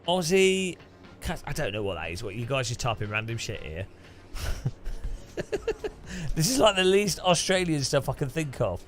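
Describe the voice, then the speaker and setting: A man's voice: mid-range voice, very animated, moderate pace, pauses often, soft background music. A man hosting a casual livestream, reading out viewer donations and reacting to them with puzzled, laughing chatter. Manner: bemused, chatty, laughs often and swears. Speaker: streamer host. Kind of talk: casual livestream chat while racing.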